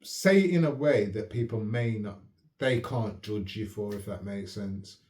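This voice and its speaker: Male host, low-pitched and mellow, calm reflective delivery, roomy echo. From United Kingdom. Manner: calm, measured, checks if listener follows. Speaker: channel host. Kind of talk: reflective casual talk to camera.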